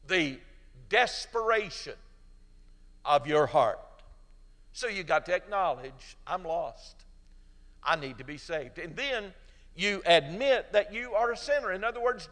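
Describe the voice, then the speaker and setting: A middle-aged man preaches with fervor, his fairly high voice rising to emphatic peaks and then falling to soft, pleading tones as he calls listeners to pray. His voice carries a long reverb, as if it fills a church hall. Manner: leads an altar-call prayer in a hushed voice. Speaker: pastor. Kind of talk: sermon.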